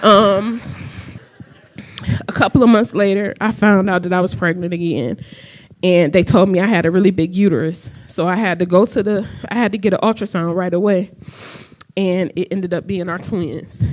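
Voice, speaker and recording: A woman's voice: fairly low pitch, a little mellow. A middle-aged woman telling a personal story to an audience, conversational and acting out the lines of the people in it. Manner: conversational, acts out quoted dialogue. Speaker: speaker telling her story.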